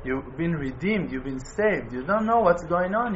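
A man giving an impassioned appeal, pleading, repeating his phrases and swinging between loud urging and quiet, near-tearful moments. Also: a little high, expressive, moderate pace. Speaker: community speaker making an appeal. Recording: dull lo-fi with faint noise.

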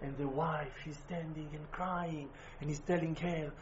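Man, emphatic religious teacher; high-pitched, faint background noise on a muffled recording. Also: normal speed, few pauses. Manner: emphatic, swings from loud exclamations to quiet intensity. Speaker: Breslov Hasidic teacher. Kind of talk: impassioned religious talk.

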